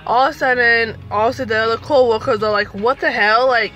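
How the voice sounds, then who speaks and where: A woman's voice: fairly high pitch, fast, faint music behind, rough recording. A woman in her thirties telling a personal story in a casual, chatty way, full of fillers. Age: 30s. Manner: chatty, animated, lots of fillers. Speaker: vlogger.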